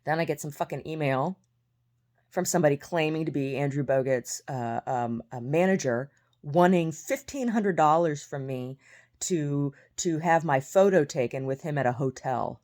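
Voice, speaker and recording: A woman's voice: low-pitched, moderate pace, a little mellow. An American woman telling stories in a casual, blunt, sarcastic way, swearing, laughing often and restarting her words. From United States. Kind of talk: casual storytelling monologue.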